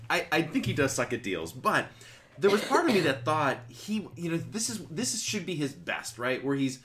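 Low, lively woman thinking aloud. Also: moderate pace. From Wisconsin. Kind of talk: casual political chat.

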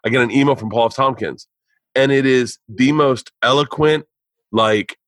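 A man with a bright, forward voice tells a rambling story on a podcast, swearing freely and restarting his sentences. The sound is close and dry, with almost no room in it. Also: mid-range voice, moderate pace, no echo, poor audio. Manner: animated, profane storytelling with frequent restarts. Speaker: podcast host. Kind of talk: casual storytelling chat. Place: indoor home studio.

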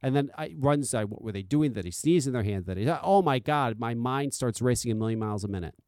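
A man hosting a casual solo podcast, blunt and profane, swinging between loud insistence and quiet, confiding asides. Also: medium pitch, animated, a little fast, dry recording, studio quality. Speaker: podcast host.

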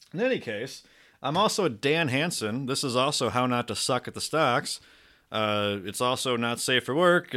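Guy hosting his own show, rambly and crude, joking at himself, loud one sec then mumbling. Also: medium pitch. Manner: rambling, crude, self-mocking asides; swings between loud bursts and muttered asides. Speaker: show host. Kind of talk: casual comedic book rundown.

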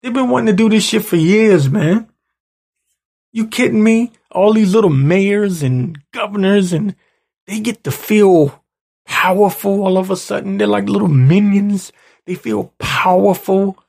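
A man's voice: sits high, a little slow, a little mellow. A man hosting his own show, delivering an angry, profane political rant that keeps building into heated outbursts. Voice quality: gravelly, husky. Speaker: show host.

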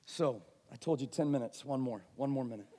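A man preaching a passionate sermon, shifting between hushed, quiet moments and raised, urgent delivery. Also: mid-range voice, a little fast. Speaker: pastor. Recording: reverberant hall.

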